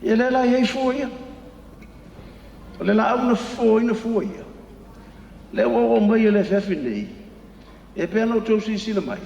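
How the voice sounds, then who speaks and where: A man with a Samoan accent preaching a sermon, switching between Samoan and English and stressing each phrase slowly. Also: high-pitched, vocal fry, dark tone, dull audio, a little hiss or hum. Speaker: pastor. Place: large church hall. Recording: echoey hall with long reverb.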